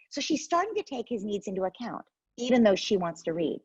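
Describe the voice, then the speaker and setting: A woman's voice: mid-range voice, big pitch swings, fairly quick, darkish tone, slightly rough, no echo, dull audio. A woman, a parenting expert guest, explains her method in an interview and acts out what parents and children say.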